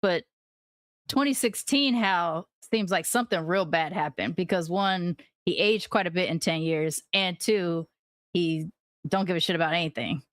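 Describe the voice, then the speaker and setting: A woman's voice: fairly low pitch, moderate pace, no echo. A woman co-hosting a podcast, asking questions and floating theories in casual chat. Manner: inquisitive, theorizing. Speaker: podcast co-host.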